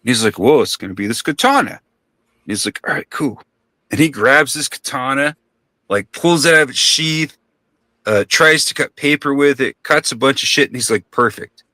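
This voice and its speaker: A man's voice: medium pitch, moderate pace, sharp tone, no echo. A man telling a long story in casual podcast talk, rambling and profane, acting out the voices of the people in it.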